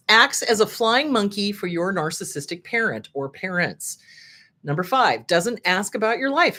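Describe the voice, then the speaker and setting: A woman's voice: medium pitch, fairly bright tone. A middle-aged woman therapist hosting a casual advice talk, frankly riffing on a list she reads out. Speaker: host, therapist.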